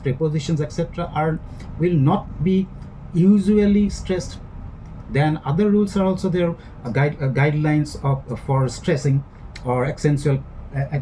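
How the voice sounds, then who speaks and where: Male teacher lecturing in a mellow voice. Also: a little high, slight background noise, low-quality recording. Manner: explains slowly with many fillers and restarts. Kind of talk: recorded lecture.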